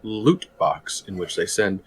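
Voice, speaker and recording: Man doing a smooth calm radio announcer. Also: slight background noise. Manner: smooth, slow, calm, low-key. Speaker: player.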